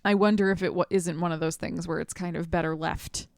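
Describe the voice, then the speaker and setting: A woman's voice: fairly low pitch, fairly even intonation, brisk, creaky, no echo. A woman co-hosting a podcast, chatting about an old film in a thoughtful way and often offering short agreement. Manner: thoughtful, backchannels often, laughs easily. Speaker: podcast co-host. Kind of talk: casual film discussion.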